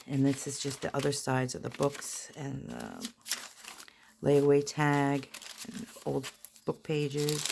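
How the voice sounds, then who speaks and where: A woman's voice: very deep voice, vocal fry, noisy background. A woman casually narrating a flip-through of her handmade journal, with chatty, rambling, self-deprecating asides. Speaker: junk journal crafter. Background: paper rustling and crinkling.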